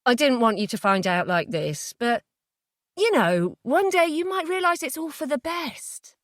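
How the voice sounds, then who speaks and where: A woman reading an audiobook, voicing a calm, smug, manipulative ex-boyfriend. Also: high-pitched, a little slow, no room sound, studio quality, voice pushed up. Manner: coolly manipulative, quietly self-satisfied. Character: obsessive controlling ex-boyfriend, man, calm and smug. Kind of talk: audiobook character voice.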